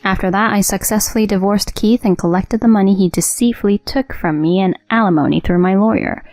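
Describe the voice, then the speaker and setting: Narrating her own story in the first person, a woman speaks at a middle pitch in a cool, steady, matter-of-fact way, a little fast. The voice-over is dry and close with no room sound, and soft music plays underneath.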